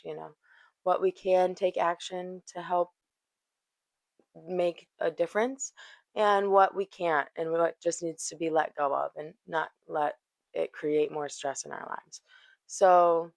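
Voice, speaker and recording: A woman's voice: on the low side, dry recording. A woman hosting a yoga talk, chatty and loose, cursing and laughing as she tells a story. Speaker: yoga teacher and podcast host. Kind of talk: casual spiritual talk.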